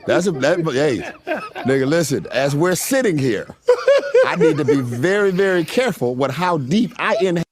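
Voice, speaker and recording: A man's voice: a little high, sing-song, normal speed, a crowd in the background. A man guesting on a talk show, telling comic stories with lots of laughter and teasing, heard in a played-back clip. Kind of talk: comic storytelling.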